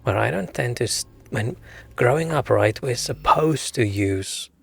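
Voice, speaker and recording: Gravelly-voiced man rambling over a game. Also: mid-range voice, lively intonation, a little slow, faint music behind. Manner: rambling, musing aloud. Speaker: streamer. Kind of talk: casual gaming commentary.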